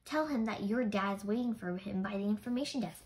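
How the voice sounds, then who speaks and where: A woman's voice: mid-range voice, brisk, a little mellow, natural voice. A woman reading aloud, voicing an eager, talkative young boy detective in a children's storybook.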